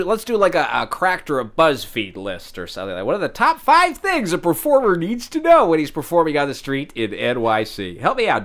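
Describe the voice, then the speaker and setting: A man's voice: sits high, fairly bright tone. A man hosting an improvised comedy bit, rambling and provocative, stammering through lots of fillers. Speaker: comedy show host.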